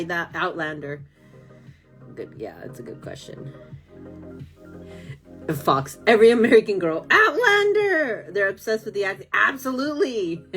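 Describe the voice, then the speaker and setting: Slow-talking gushing woman. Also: fairly high pitch, fairly bright tone. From California. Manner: rambling and gushing, lots of "like" and "oh my God". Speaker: live streamer answering viewer comments. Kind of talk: casual live-stream chat.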